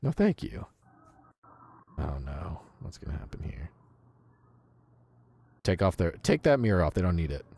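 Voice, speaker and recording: A man's voice: sits low, very animated, unhurried, vocal fry, long pauses, warm tone, husky. A man streaming live, reacting to videos with profane, incredulous commentary.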